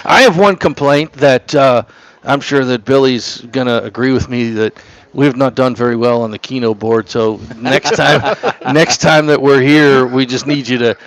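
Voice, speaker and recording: Guy hosting a radio show on location, jokey, voice kinda going, mid pitch. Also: normal speed, no room sound, rough recording. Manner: joking, laughs often. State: losing his voice. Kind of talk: casual on-location interview.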